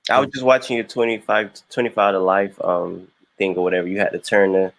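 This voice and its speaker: A young man from Florida hosting a podcast interview, chatty and slangy, with quick bursts and lots of filler. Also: on the low side, little pitch movement, creaky, a bit bright. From Jacksonville, Florida. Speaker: podcast host. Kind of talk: casual interview chat.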